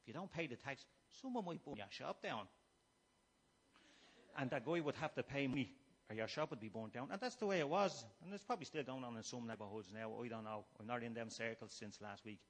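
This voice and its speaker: A middle-aged Irish man giving a humorous personal testimony to a gathering, shifting between quiet musing and loud, acted-out shouting. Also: medium pitch, fairly quick. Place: room before a live gathering.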